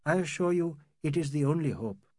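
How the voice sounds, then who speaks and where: A man puts on a young Indian doctor in an audiobook, speaking high and husky. His lines swing widely in pitch and carry both irony and earnest appeal. The recording is dry and close. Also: expressive, brisk, darkish tone, no echo. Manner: sardonic, then earnest and pleading. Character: young male Indian doctor, emotional and proud.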